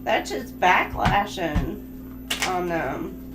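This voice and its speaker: A woman's voice: on the low side, expressive, very slow. A woman doing a livestream tarot reading, chatty, emphatic and blunt. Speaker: tarot reader. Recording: echoey room with music behind. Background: background music.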